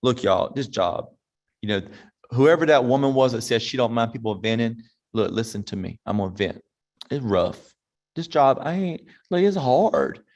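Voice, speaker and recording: A veteran teacher in his 50s gives a casual conference talk to fellow teachers, taking audience questions in a folksy, direct manner, acting out parents and singing snippets. His mid-range voice is expressive and darkish, at a normal speed. The recording comes through an online presentation mic and sounds muffled.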